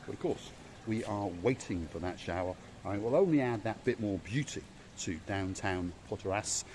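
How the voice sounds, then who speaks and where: A man's voice: lowish voice, lively intonation, normal speed, darkish tone, slight background noise. A man hosting a vlog, giving a playful, theatrical guided tour of a hotel. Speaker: vlog host. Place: outdoors and indoors at a hotel.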